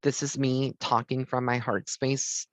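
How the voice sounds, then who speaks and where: A man's voice: mid-range voice, little pitch movement, a little slow, fairly bright tone, dry recording. A man who works as a psychic medium gives a heartfelt, rambling holiday message from his home to the camera, with many ums.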